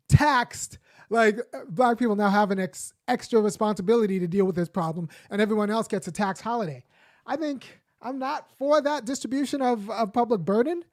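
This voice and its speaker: A man's voice: sits high, a little mellow. A man hosting a weekly live show, giving argumentative political commentary in a conversational, lecturing way with frequent fillers and restarts.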